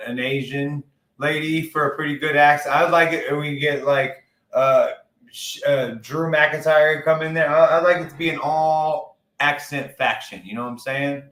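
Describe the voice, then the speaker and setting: A man's voice: mid-range voice, fairly bright tone. A man co-hosting a casual chat about wrestling, opinionated and rambling, swearing freely. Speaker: podcast co-host. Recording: roomy echo.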